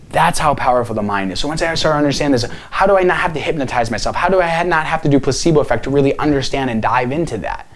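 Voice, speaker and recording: Earnest man giving a motivational talk. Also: mid-range voice. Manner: earnest, direct, asks many rhetorical questions. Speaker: healing coach.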